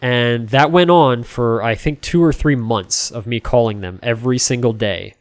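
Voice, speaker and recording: A man's voice: mid-range voice, normal speed, no echo, studio quality. A man in his thirties, a game streamer, telling a casual story that rambles with plenty of "you know" and "like". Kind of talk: casual storytelling while playing.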